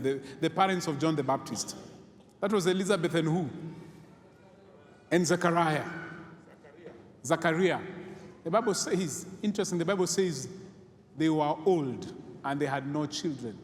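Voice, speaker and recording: A man preaches from the pulpit in a high, ringing voice that carries through a large reverberant church. He repeats his key lines and asks the congregation questions to drive each point home. A faint hum of the room sits underneath. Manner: preaching with emphatic repetition and call-and-response questions. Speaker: pastor. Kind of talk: sermon. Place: church sanctuary. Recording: echoey church hall, faint room noise.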